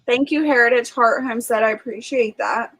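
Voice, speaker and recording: A woman's voice: fairly high pitch, fairly even intonation, a little fast, a bit bright, husky. A woman hosting a livestream, greeting viewers and laughing often in casual chat over a video call. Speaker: livestream host.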